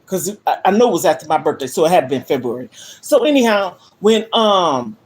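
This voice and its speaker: A woman's voice: lowish voice, very animated, fairly quick. An older woman hosting a livestream from her living room, talking to viewers in an earnest, emphatic way. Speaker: livestream host. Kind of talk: emotional livestream monologue. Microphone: phone livestream.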